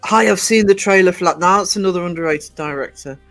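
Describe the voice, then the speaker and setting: A man's voice: high voice, quick pace, a bit bright, soft background music. Rambling man chatting on stream. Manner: rambling, hesitant, full of ums. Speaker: livestream host. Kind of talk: casual chat reading live comments.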